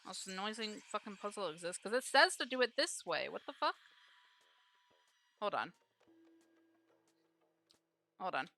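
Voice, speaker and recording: A woman's voice: mid-range voice, sing-song, unhurried, pauses often, bright, forceful tone, faint music behind. A woman streamer giving casual live commentary on a game, grumbling aloud and swearing freely.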